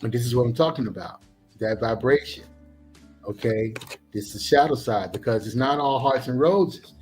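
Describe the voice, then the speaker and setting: Animated middle-aged man lecturing. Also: mid-range voice, moderate pace, faint music behind. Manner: animated, preachy, explains with examples. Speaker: guest, former police officer. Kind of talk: casual talk show discussion.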